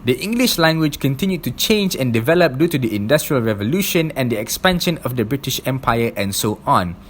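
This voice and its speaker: A young man reading a class presentation aloud, slow and careful, stressing each heading. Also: medium pitch, expressive.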